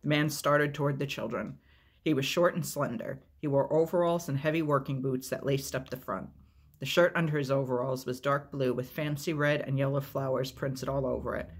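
A man reads a novel aloud as a storyteller, in a steady, measured, unhurried way. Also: mid-range voice, breathy edge.

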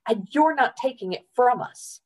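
A woman's voice: medium pitch, big pitch swings, moderate pace, warm tone. A woman reading aloud, voicing a stubborn, fair-minded boy who speaks earnestly and firmly. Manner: earnest, firm.

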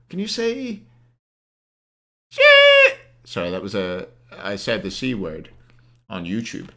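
A man's voice: high-pitched, vocal fry, fairly bright tone. Sweary guy ranting on stream. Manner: swears a lot, rants at chat. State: hungover. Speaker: streamer ranking esports players. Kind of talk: casual live-stream chat.

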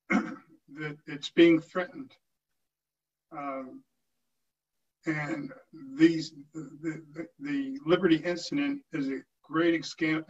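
An older man addresses a town hall with earnest conviction, stopping and restarting as he goes. His voice sits fairly high. He is heard from a distance on a dull, lo-fi recording. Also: husky. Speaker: veteran speaker at a town hall. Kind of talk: informal address to a meeting.

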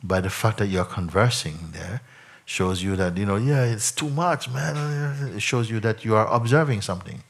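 A man as a spiritual teacher in a satsang, probing a questioner by repeating questions back in slow, reflective phrases. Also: low voice, husky. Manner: slow, reflective phrasing with frequent "you know" and "no?". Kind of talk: satsang talk answering a questioner.

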